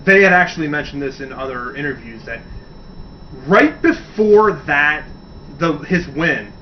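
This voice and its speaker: A radio host talks in a loose, rambling way, excited about his subject and cursing freely. His voice sits a bit high for a man. The recording is dull and set back from the mic, with a faint hiss underneath. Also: recorded from a distance. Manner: enthusiastic, rambling, swears casually. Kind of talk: casual wrestling talk segment.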